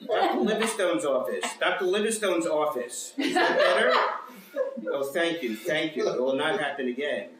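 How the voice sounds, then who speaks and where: A man's voice: mid-range voice, animated, normal speed, distant mic, heavy background noise, natural voice. A man voicing a flustered young female dental assistant who stammers and apologizes, read aloud in a storytelling performance. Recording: echoey room, mic from afar.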